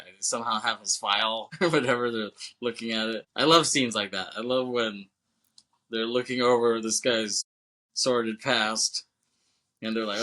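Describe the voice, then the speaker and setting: A man co-hosting a podcast, casually retelling a film scene by scene and dropping into quick quoted lines with laughter. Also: fairly low pitch, fairly even intonation, bright, forceful tone. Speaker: podcast co-host. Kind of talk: casual movie recap.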